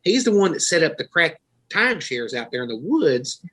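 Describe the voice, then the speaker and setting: A man's voice: fairly high pitch, sing-song, moderate pace, a bit bright, a little hiss or hum, poor audio. A man from Florida, a podcast host telling rambling, profane stories in casual chat. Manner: rambling, profane, laughing storyteller.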